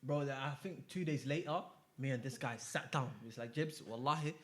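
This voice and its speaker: A young man with an animated, slangy manner, telling stories in a casual chat and often laughing. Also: medium pitch, a little fast. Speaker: podcast co-host.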